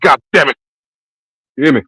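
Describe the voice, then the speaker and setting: A man's voice: mid-range voice, normal speed, pushed and bright, breathy edge, no room sound. A British man calling into a show, casual and slangy, swearing freely and hesitating with many ums. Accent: British English. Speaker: caller. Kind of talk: casual call-in chat. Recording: lo-fi call line.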